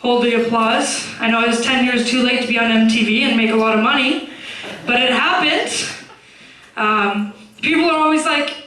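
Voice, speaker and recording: A young woman doing a stand-up comedy set, blunt and swearing, deadpan about dark topics. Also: fairly high pitch, moderate pace, heavy reverb, distant mic, rough recording. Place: comedy club stage.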